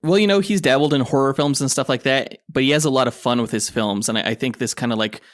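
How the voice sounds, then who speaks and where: Guy cohosting a comics podcast, mid-pitch, upbeat, totally dry mic sound. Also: quick pace, no room sound. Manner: upbeat promo reading. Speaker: podcast co-host. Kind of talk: casual podcast chat.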